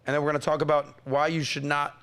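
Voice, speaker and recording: A male podcast host with a fairly high voice and a hype-man energy. He talks in a loose, playful way, teasing the people around him as he runs the show. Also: level tone, quick pace, fairly bright tone, clear, resonant tone. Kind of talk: hyped-up casual podcast hosting.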